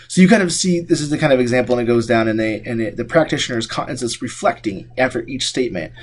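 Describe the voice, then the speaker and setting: A man's voice: mid-range voice, fast talker, few pauses. A man giving a classroom lecture, talking loosely with many fillers and restarts. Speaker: instructor.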